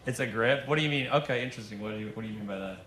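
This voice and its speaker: A man doing a stand-up set with crowd work, brash and sarcastic, shouting some punchlines. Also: medium pitch, very fast, a little hiss or hum. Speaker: stand-up comedian. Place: comedy club stage with laughing audience. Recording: live club recording with audience laughter. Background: crowd laughter.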